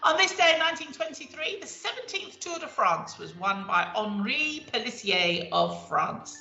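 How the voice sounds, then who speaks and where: A woman's voice: a little high, very animated, moderate pace, creaky, bright, forceful tone, roomy sound, dull audio. A woman co-hosting a casual chat show, chatty and reading out facts from history. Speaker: co-host.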